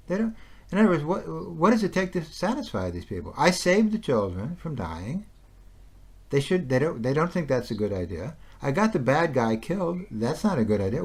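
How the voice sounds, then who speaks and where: Agitated man firing rhetorical questions. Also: a little high. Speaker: conversation partner. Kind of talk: heated casual conversation.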